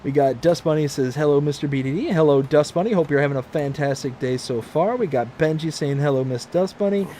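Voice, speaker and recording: A man's voice: on the high side, fairly quick, hardly any pauses, dark tone, a little hiss or hum. A man hosting a casual gaming livestream from home, reading viewer comments aloud in a friendly, upbeat way. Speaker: livestream host. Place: home room, mostly packed up.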